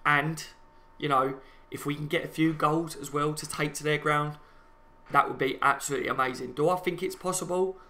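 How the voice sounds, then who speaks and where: A man with a Liverpool accent hosts a live fan stream, talking to his viewers in a passionate, chatty way. His voice is bright and forceful, sitting slightly high for a man. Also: steady tone, brisk. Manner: passionate, chatty, talks to viewers as "guys" and "lads".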